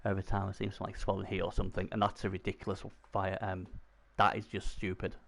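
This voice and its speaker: A low-pitched man gives live commentary on a video game stream, chatting to his viewers and getting excitable over the dice. His voice is gravelly and husky. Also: fast. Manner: chatty, excitable, talks to chat.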